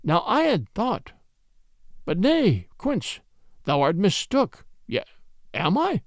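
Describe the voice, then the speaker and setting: A man voicing a simple, bewildered cobbler who speaks in a slow, wondering way. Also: high-pitched, wildly swooping pitch, no room sound, clean studio sound, full character voice.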